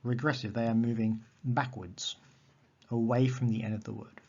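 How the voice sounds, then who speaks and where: A man teaching a recorded lesson on Greek accents, methodical and repeating key terms slowly. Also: mid-range voice, flat delivery, creaky, darkish tone, lo-fi sound.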